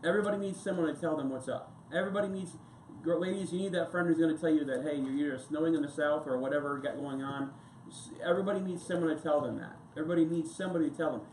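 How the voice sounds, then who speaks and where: Speaking from the pulpit of a church sanctuary, an American man preaches with a somewhat high voice at a racing clip, hardly pausing. His sermon rambles loosely through stories and side remarks, and the echoey room carries a faint ambient hum.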